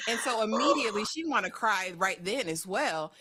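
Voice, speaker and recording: A woman hosting a casual reality TV recap, animated and laughing as she acts out what the cast said. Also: mid-range voice, normal speed, a little hiss or hum. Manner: animated, laughing, acting out quotes in exaggerated voices.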